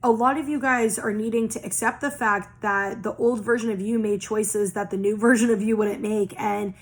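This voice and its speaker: At a moderate pace and with a medium, steady voice, a young tarot and oracle reader offers a relaxed spiritual oracle reading. She sounds earnest and comforting, lists phrases over and over, and swears casually.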